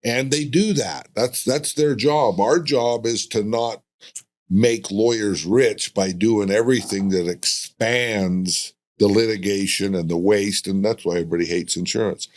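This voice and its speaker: Low voice guy hosting a podcast, makes his point hard, keeps asking "right?". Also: measured pace, darkish tone. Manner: emphatic, uses rhetorical questions. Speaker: podcast host. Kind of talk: casual podcast conversation.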